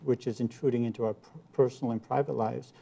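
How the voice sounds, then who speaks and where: A man's voice: medium pitch, steady tone, quick pace, creaky, mellow, slightly rough. A man running for office, answering interview questions earnestly with campaign points and some restarts. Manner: earnest, repeats himself, campaign talking points. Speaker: congressional candidate, guest.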